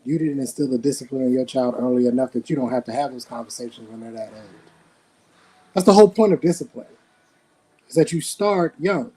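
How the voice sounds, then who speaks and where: A man's voice: on the high side, dark tone, poor audio. A man in his forties giving blunt, emphatic opinions as a panelist in a casual podcast debate.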